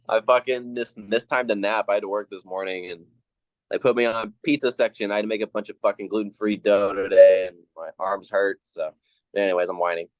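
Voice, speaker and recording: A tired, worn-out man rambles apologetically before reading his work. His voice sits on the low side, recorded close and dry. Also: fairly even intonation, brisk, no room sound, rough recording. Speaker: poet at a reading event.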